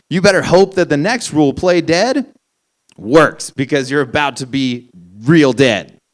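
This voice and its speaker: A young man performing a stand-up comedy set, ranting incredulously with lots of swearing. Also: on the high side. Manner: profane, incredulous, ranting punchlines.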